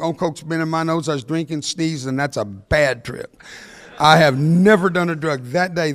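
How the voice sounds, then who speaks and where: An older man speaking in a fairly high voice, spinning a funny personal story for a crowd. He talks quickly, jokes often and laughs at his own lines. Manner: animated, jokey, laughs at his own punchlines; talks fast. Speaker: motivational speaker. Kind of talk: humorous storytelling talk.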